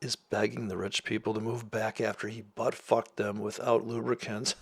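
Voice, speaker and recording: Gravelly guy ranting, swears a ton, sarcastic mocking voices. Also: fairly low pitch, little pitch movement, normal speed. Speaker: forex trading vlogger. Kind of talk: profane ranting monologue.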